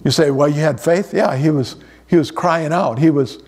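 A man's voice: a little high, moderate pace, darkish tone. A middle-aged man preaching a conversational sermon, often repeating words as he restarts his sentences. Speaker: pastor.

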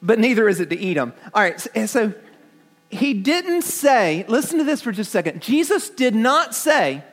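A pastor delivering a sermon speaks in a strikingly high, sing-song, fairly bright voice at a moderate pace. He talks earnestly, stumbling over repeated words as he builds his points, and keeps turning to the congregation with questions.

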